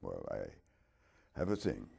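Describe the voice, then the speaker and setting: A man voicing Dracula as a mild, wistful aging vampire talk-show host, speaking slowly and haltingly. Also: a bass voice, huge pitch swings, mellow, pitched below the performer's own voice, heavily acted. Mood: musing. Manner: slow, halting, gravelly and husky.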